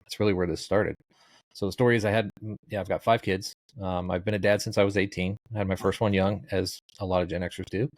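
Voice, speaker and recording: Middle-aged male guest, low, dry close sound, rambling laid-back storyteller with deadpan humor. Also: quick pace, no room sound. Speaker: guest, social media comedian. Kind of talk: casual interview chat.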